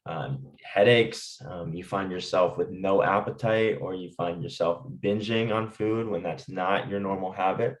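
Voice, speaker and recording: A man calmly teaching stress management and guiding listeners through breathing exercises, often checking in with "right?". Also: low voice, a little slow, hardly any pauses, roomy sound, far from the mic, rough recording. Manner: calm, talks directly to listeners with fillers and "right?". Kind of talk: guided lesson with breathing exercises.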